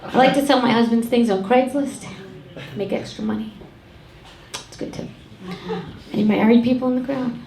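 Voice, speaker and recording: A middle-aged woman performing a stand-up comedy set on a club stage, deadpan and brash with crude punchlines. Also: fairly high pitch, normal speed, vocal fry, pauses often. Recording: echoey room, loud audience noise.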